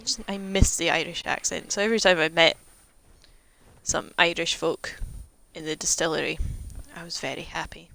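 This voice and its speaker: A woman's voice: on the low side, normal speed, vocal fry, pushed and bright, low-quality recording. A young Scottish woman chatting casually and rambling wryly while she streams a game. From Scotland. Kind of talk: casual chat while playing.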